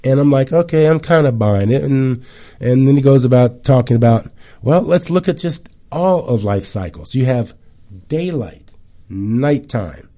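A middle-aged man gives a casual talk on wellness, chatty and animated, spinning stories with lively asides. His pitch is medium and his pace measured.

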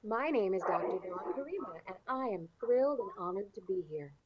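A woman from the southeastern United States with a Southern accent, a guest chatting warmly and describing things in lush, colorful words. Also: medium pitch, animated, fairly quick, breathy edge, dry recording, lo-fi sound. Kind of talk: casual interview chat.

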